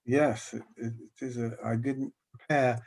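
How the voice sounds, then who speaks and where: An older man and grandparent reading a tribute slowly and hesitantly over a video call. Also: medium pitch, little pitch movement, gravelly, darkish tone. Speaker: grandparent speaker.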